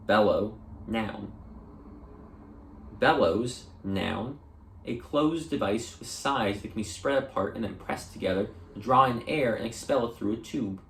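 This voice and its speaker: A man reading dictionary entries aloud for an audiobook, measured and deliberate, sometimes restarting a word. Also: on the low side, echoey room. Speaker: audiobook reader.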